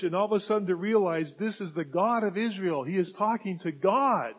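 A man preaching with a high, husky voice that swells into loud, emphatic bursts. The sound is dull and lo-fi, like a modest church recording. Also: fairly quick, few pauses. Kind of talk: sermon.

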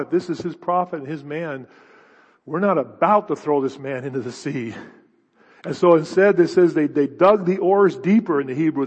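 Man, sermon, dramatic storytelling, stammering restarts, dull sound, church hall reverb. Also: a little high. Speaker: pastor.

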